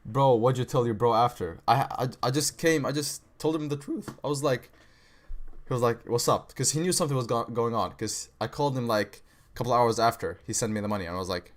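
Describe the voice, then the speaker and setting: This young livestream trading host speaks in a mid-range voice at a brisk clip. He casually reads out viewer questions and chats in slangy talk, dropping "bro" and "right" constantly.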